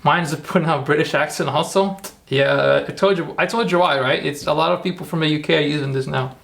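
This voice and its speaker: A man's voice: a little high, a little fast, vocal fry, fairly bright tone. A man hosting a casual tutorial livestream, rambling, repeating himself and talking to his chat. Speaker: livestream host.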